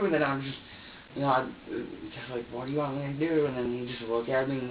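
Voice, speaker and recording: A man's voice: medium pitch, level tone, fast talker, a little hiss or hum. A man answering questions in a police interrogation, rambling, repeating himself and acting out what he said. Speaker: suspect being questioned. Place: interrogation room. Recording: echoey, distant, dull lo-fi room recording.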